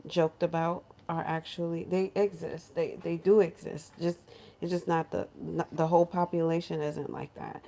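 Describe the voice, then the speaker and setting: A woman from New York, a lifestyle vlogger, telling a story in casual chat in her home kitchen, animated and laughing, acting out other people's voices. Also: sits low. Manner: animated, laughing, acts out crying voices in quotes.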